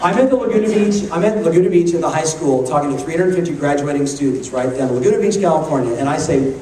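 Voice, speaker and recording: A man giving an energetic motivational talk to a live audience, joking and firing questions at the crowd. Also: on the high side, fast talker. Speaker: motivational speaker. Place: large conference hall. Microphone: handheld camcorder in the audience. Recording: echoey hall taped from far off on a camcorder.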